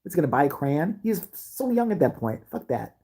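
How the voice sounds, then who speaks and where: A man's voice: on the high side, big pitch swings, a little fast, dark tone, breathy edge. A man casually telling stories from his childhood, swearing often and laughing. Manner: profane, laughing, loose. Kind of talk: casual storytelling.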